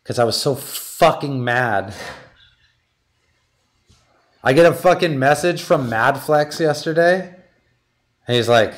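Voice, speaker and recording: A man hosting a battle rap league stream, high, talking in a profane, animated rant and making a matchup announcement. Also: a little slow. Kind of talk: live-stream talk and announcement.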